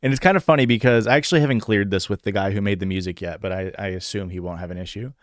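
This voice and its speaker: A man's voice: on the low side, racing, no echo, studio quality. Rambling man hosting a casual livestream. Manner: rambling, hesitant, with many "like" and "um" fillers. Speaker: podcast host.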